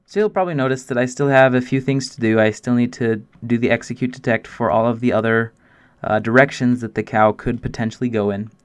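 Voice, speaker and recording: A man's voice: mid-range voice, fast talker, clean tone. A man hosting a casual game map-making tutorial, eager and explaining step by step with frequent restarts. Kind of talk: casual screen-recorded tutorial narration.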